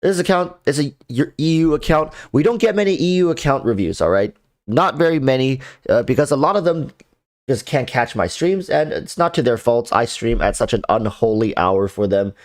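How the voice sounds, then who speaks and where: A man's voice: mid-range voice, lively intonation, normal speed. A man with a nasal, congested voice, chatting casually on a game livestream and often restarting his sentences. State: congested sinuses. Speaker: game streamer.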